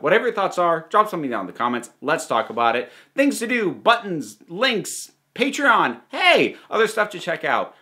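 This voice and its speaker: A man giving a casual spoken movie review, animated, with many restarts and asides. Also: high voice, normal speed, few pauses.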